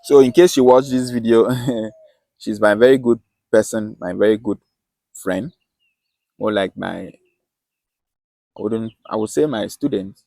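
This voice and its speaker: A man with a Nigerian Akwa Ibom accent speaks in a lowish, mellow voice with vocal fry, and there's no room sound. Styling himself a teacher, he delivers a passionate, emphatic lesson, repeating points and often restarting phrases.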